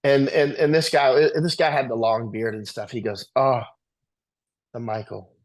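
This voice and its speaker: Medium in pitch and moderate in pace, this man's voice carries loose, anecdotal storytelling as an interview show guest. Tag questions like "right?" pop up frequently.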